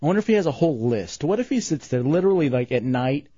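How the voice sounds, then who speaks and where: Jokey male radio host, lively voice. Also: on the high side, quick pace, husky, dry recording. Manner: jokey, teasing. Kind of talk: radio talk. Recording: dry, dull lo-fi radio sound with faint music.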